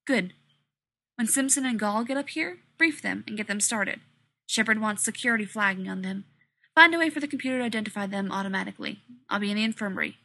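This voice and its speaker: A woman's voice: mid-range voice, fast, vocal fry, bright, forceful tone. A woman reading a brusque, impatient scientist. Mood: cold, commanding. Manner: curt and demanding.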